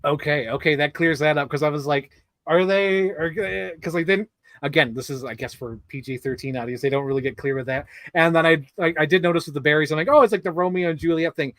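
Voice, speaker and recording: Animated man, slightly high, dry sound. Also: fast talker, no room sound. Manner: animated, laughs often, acts out movie lines. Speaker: podcast co-host. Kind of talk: casual film discussion.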